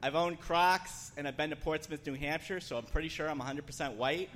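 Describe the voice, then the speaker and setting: A young man performing a stand-up set with a deadpan delivery and hesitant fillers. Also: fairly high pitch, a little fast, heavy background noise. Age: young adult. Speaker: stand-up comedian. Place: comedy club stage.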